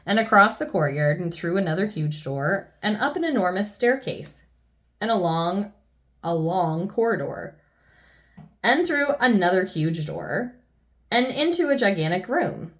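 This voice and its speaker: A woman reads a children's picture book aloud in a storytelling voice. Her pitch rises and falls freely as she narrates. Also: unhurried. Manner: expressive storytelling.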